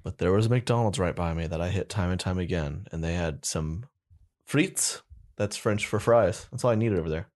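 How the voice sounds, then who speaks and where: A young man co-hosting a podcast, chatting casually and telling funny stories, often breaking into high squeaky voices when he quotes people. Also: brisk, few pauses, a little mellow. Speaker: podcast co-host. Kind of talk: casual comedic chat.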